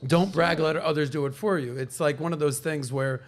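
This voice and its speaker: A podcast host with a fairly high voice at normal speed chats casually, telling stories with animation and acting out the voices of people he quotes.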